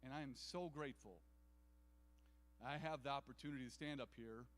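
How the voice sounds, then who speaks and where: A man's voice: medium pitch, a little fast. A man giving an earnest, inspirational speech from a stage at an event. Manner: earnest, repetitive rallying phrasing. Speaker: event speaker. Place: large event hall. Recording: long hall reverb.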